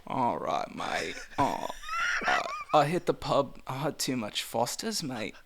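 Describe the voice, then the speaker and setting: A man doing a broad, jokey take on a hungover Australian bloke who insists he has a cold. The voice drops lower and quieter than his usual talk, with a loose, mumbling delivery. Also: huge pitch swings, takes it slowly, noisy background, heavily acted. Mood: joking. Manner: broad joking impression.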